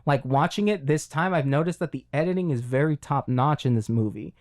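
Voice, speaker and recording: A man's voice: fairly high pitch, brisk, a little mellow. A man co-hosting a casual film review podcast, talking in long rambling runs with many fillers and restarts. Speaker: podcast co-host.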